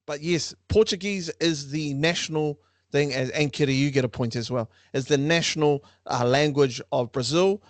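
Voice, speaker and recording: A man hosting a lively quiz for a class, playful and teasing with frequent laughter. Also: fairly high pitch, moderate pace, no echo. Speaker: online class quiz host.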